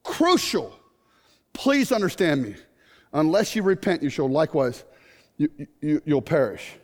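A middle-aged man preaching a sermon, animated and jokey, breaking into sudden shouts. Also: on the high side, unhurried. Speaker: pastor. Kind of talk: sermon with comic stories. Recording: long hall reverb.

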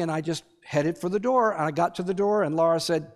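A male pastor telling a family story in a sermon, with slow, emphatic, deliberate delivery. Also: sits high, fairly even intonation.

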